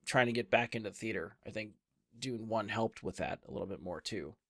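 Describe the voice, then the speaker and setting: A man's voice: fairly low pitch, a little fast, no room sound, studio quality. A man hosting a casual movie review podcast, laughing easily and leading the talk. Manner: laughs often, relaxed hosting. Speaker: podcast host.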